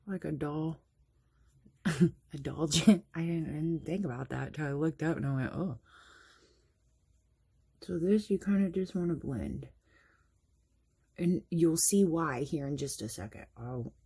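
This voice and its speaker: A makeup vlogger with a low, mellow, slightly husky voice chats casually through her morning makeup routine at a moderate pace. She explains each step as she goes and often pokes fun at herself.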